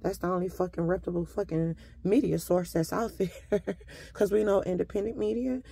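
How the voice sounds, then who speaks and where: A woman vlogger with a lower, gravelly voice gives a profane, combative speech to camera, sarcastically polite throughout and repeatedly saying "sir" to her listener. Her tone is steady, warm and a bit breathy at the edges, her speed normal, and the recording dry.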